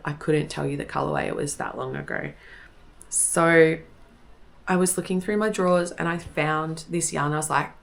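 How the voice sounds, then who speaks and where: Low, gravelly-voiced woman chatting. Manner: chatty, self-correcting, relaxed. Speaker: podcast host. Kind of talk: casual chat.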